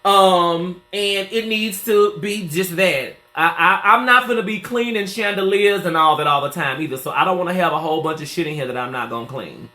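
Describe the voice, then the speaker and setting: Man, 40s, stylist host: high bright voice, sassy chatter, small echoey salon. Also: normal speed, hardly any pauses. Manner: sassy and chatty, calls viewers girl and honey. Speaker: hairstylist and salon owner. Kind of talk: casual live chat with viewers during a salon tour. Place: small indoor hair salon. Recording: roomy small-room sound.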